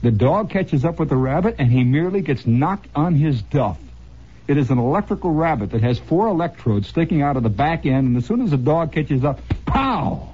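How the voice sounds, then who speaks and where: A man's voice: on the high side, animated, moderate pace, a little mellow, a little hiss or hum. A man hosting a radio show, telling wry, sardonic stories in a rambling monologue, heard on a dull lo-fi old radio broadcast. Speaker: radio host.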